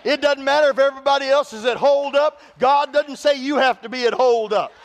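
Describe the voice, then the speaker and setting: A man's voice: extremely high pitch, fairly quick, big-room sound. A man preaching a sermon as pastor, mixing humorous stories with call-and-response lines to the congregation.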